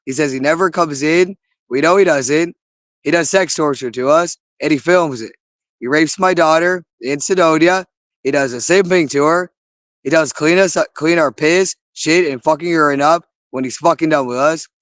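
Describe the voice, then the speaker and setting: A man speaks in an agitated, rambling monologue, full of profanity and repeated phrases. His voice sits a little high for a man. The sound is dry and close, with no room echo. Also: moderate pace, fairly bright tone.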